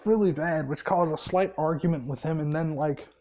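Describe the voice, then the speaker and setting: A man's voice: on the high side, moderate pace, darkish tone. A tired man casually retelling a fan story, rambling with many fillers and a lot of swearing.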